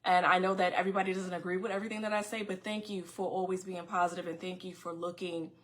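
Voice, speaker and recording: A middle-aged woman talks straight to her viewers on a casual livestream podcast. Her words come fast and loud, and she often restarts her sentences. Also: fairly low pitch, little pitch movement. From Far Rockaway, Queens, New York. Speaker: podcast host.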